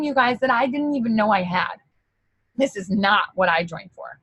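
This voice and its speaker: A woman with a husky, slightly breathy voice gives an emotional, excitable pep talk to her team, peppered with "like" and the odd swear. The sound is close and dry, with no room around her. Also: on the high side, normal speed, dry recording, low-quality recording. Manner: casual, chatty, mild swearing. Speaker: sales team leader.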